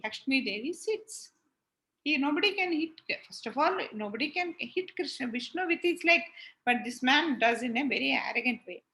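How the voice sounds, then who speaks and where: A woman retells sacred stories in a casual, explanatory way, pausing to draw out the lesson. Her voice is high and bright. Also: poor audio. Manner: explanatory, conversational. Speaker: storyteller. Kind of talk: casual religious storytelling.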